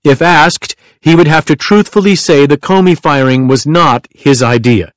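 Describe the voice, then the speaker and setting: A male audiobook narrator reads nonfiction in a measured, even manner. His voice sits a little high for a man, and the recording is dry and close, with no room sound. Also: no echo.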